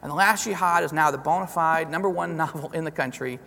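A man giving a lively storytelling testimony as a guest speaker in a church, chuckling as he talks. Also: fairly high pitch, fast, creaky. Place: church sanctuary. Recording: long reverb of a large hall.

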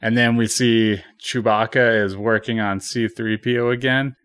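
A man's voice: medium pitch, steady tone, moderate pace, a bit bright, smooth, no echo. A man casually recapping a film scene by scene, dropping wry, joking asides as he goes.

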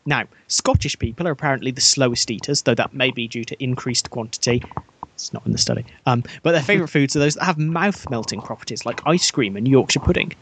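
A man with a slightly husky voice co-hosts a casual podcast. He talks in a dry, jokey way and pokes fun at himself. He grew up in England's Black Country. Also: mid-range voice, quick pace, fairly bright tone. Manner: dry, jokey, self-mocking. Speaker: podcast host.

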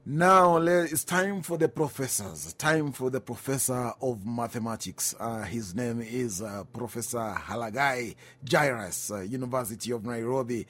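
Kenyan guy on the radio, chatty, reading out listener requests, mid pitch. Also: moderate pace, hardly any pauses, a bit bright. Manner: chatty, mixes in Swahili phrases, reads out listener names. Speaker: radio show host.

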